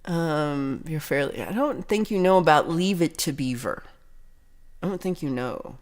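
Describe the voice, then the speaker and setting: A woman's voice: low voice, lively intonation, measured pace. A woman hosting a casual livestream chat, reading viewer comments aloud and reacting with giggles and chatty asides. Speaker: livestream host.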